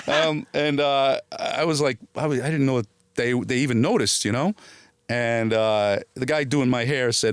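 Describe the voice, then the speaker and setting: A middle-aged man, a guest actor in a casual interview, telling animated stories and slipping in phrases. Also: mid-range voice, measured pace, clear, resonant tone, no room sound. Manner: animated storyteller, slips into Italian phrases.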